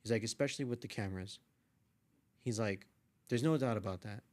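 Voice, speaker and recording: A young man, a podcast guest, casually telling a story with lively quoted voices and frequent swearing. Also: on the low side, brisk. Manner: animated retelling, acts out quoted voices, swears freely. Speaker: podcast guest, artist and photographer.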